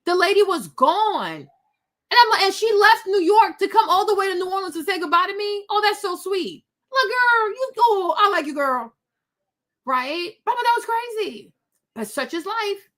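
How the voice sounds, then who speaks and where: A middle-aged woman hosting her own show, telling a personal story to viewers in a chatty, animated way full of asides. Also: very high-pitched, moderate pace. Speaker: host.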